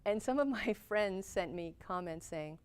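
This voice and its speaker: A woman teaching a podcasting class in a classroom, speaking in an animated way. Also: mid-range voice, a little slow, a little hiss or hum. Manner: animated, talks with her hands, moves around. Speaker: podcasting instructor. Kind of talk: classroom lecture.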